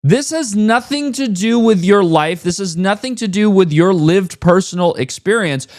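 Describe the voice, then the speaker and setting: A man's voice: high-pitched, lively intonation, moderate pace, a little mellow, no echo, clean studio sound. A man hosting a commentary video, ranting in a sarcastic, profane and scornful way. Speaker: commentary host reacting to clips.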